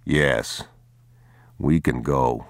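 A man voicing a weary, tender father in a storybook reading, speaking hushed and soothing. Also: very deep voice, fairly even intonation, very slow, dry recording, studio quality, pitched below the performer's own voice, heavily acted.

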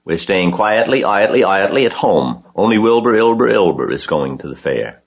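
A man's voice: deep voice, animated, normal speed, husky, voice pushed up, full character voice. A man voicing a bossy mother goose who snaps and repeats her words. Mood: scolding. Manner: snappish, repeats words in threes. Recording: dull lo-fi recording.

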